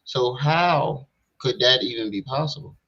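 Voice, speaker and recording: A man's voice: mid-range voice, unhurried, creaky, pushed and bright, slightly rough, dull audio. A man hosting a casual reaction stream, bluntly questioning the clip he plays. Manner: blunt, skeptical, talks back at the clip. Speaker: livestream commentator.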